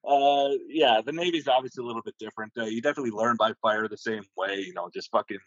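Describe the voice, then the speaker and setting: A man's voice: medium pitch, quick pace, a bit bright, dry recording, muffled recording. A man, a navy sailor guest on a podcast, telling rambling stories casually, swearing often and stumbling through fillers and restarts. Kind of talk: casual storytelling.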